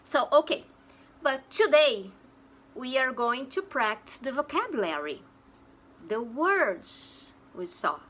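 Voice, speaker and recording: A woman teaching English to young children, talking slowly and imitating animal sounds. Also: high voice, sing-song, a bit bright. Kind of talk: online lesson for children.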